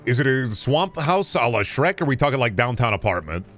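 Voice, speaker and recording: A man's voice: medium pitch, very animated, fairly quick, a bit bright. A man streaming a video game, chatting casually and riffing on absurd jokes with plenty of profanity. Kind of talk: casual live-stream chat while gaming.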